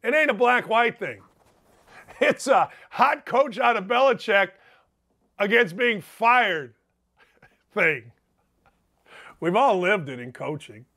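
High, bright-voiced ranting man. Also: lively intonation, takes it slowly, pauses often. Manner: ranting, profane and sarcastic. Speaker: sports talk show host. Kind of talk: opinionated podcast monologue.

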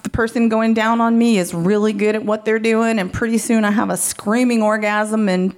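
A woman's voice: on the high side, fairly even intonation, normal speed. A woman telling a frank personal story, candid and often laughing as she talks.

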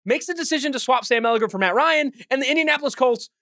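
Fast, bright-voiced man ranting. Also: extremely high pitch, lively intonation, no echo, studio quality. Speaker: podcast co-host. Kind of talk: sports podcast talk.

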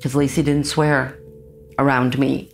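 Middle-aged interviewee, low voice, intense halting retelling. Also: female voice, little pitch movement, vocal fry, soft background music. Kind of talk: emotional interview recounting.

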